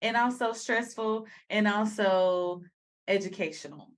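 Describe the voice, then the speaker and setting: A woman's voice: medium pitch, a little slow. A woman hosting a podcast in casual chat, chatty and giggly with rambling asides. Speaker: podcast host.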